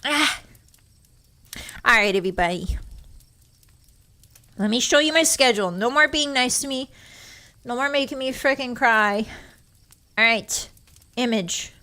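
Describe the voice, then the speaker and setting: A young woman hosts a relaxed livestream in a bright, high voice. She is giggly and playful, and she thanks her viewers warmly while trying not to cry. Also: measured pace, long pauses. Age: young adult. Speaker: virtual streamer. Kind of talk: casual livestream chat.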